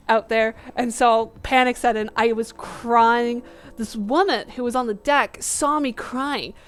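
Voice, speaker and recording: A woman with a fairly high voice tells a story casually over gameplay. She narrates with animation and slips into voicing her younger self. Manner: animated, acts out her past self in quotes. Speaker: gaming video host.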